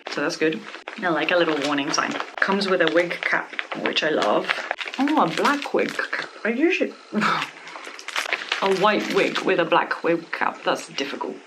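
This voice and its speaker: A woman doing a casual wig unboxing review, gushing with breathy exclamations and dropping into whispers. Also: sits low, normal speed, noisy background.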